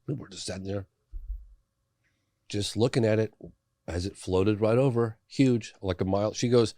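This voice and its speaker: A middle-aged man, a documentary filmmaker, telling a story as a guest in a podcast interview, animated and loose with fillers. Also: lowish voice, normal speed, no echo, studio quality.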